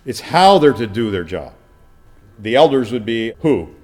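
A man's voice: medium pitch, sing-song, unhurried. A man as a pastor giving a conversational verse-by-verse Bible teaching, often asking his listeners rhetorical questions.

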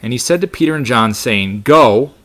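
A man of ordinary pitch teaching a Bible lesson. He talks in a relaxed, conversational way, stopping often for "you know" asides as he reads verses aloud and explains them. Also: normal speed.

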